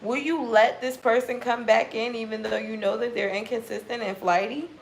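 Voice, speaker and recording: Woman, tarot reader, blunt and swearing, fairly high voice, roomy echo, faint background hiss. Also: moderate pace. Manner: blunt, profane, animated commentary. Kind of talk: casual tarot reading.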